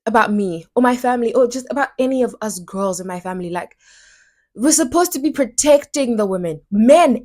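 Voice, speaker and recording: A young woman hosting a solo podcast, ranting heatedly, swearing and repeating phrases for emphasis. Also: fairly high pitch. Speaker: podcast host.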